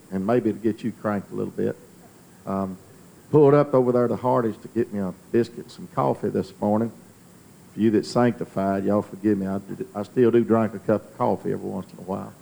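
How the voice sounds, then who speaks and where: A man with a Southern US accent preaching a Pentecostal testimony sermon, building from calm storytelling to fervent, near-shouted preaching. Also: fairly low pitch, gravelly, a little hiss or hum.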